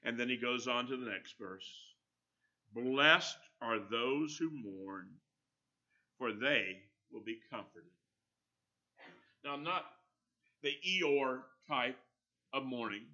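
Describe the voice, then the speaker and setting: Male preacher, very bright tense tone, earnest and emphatic, slightly dull lo-fi recording. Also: mid-range voice, takes it slowly, long pauses. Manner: earnest, emphatic, acts out quoted voices. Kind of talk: sermon.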